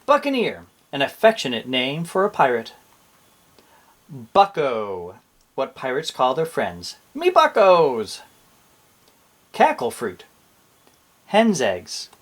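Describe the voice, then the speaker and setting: A man hosting a children's show, reading a picture book aloud as a theatrical pirate captain full of playful pirate slang. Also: mid-range voice. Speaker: storybook reader and show host.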